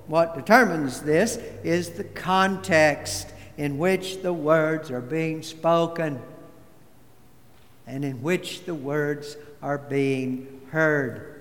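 A pastor delivers a sermon in a measured, deliberate manner, his voice sitting high for a man. He takes his time, letting each phrase land. A long reverb fills the sanctuary around him. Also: fairly bright tone. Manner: measured, deliberate preaching with storytelling. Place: church sanctuary.

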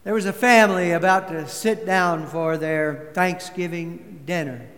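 A man preaching a sermon in a church, measured and deliberate, weaving in a story. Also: fairly high pitch, a bit bright. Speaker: pastor. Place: church sanctuary. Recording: long church reverb.

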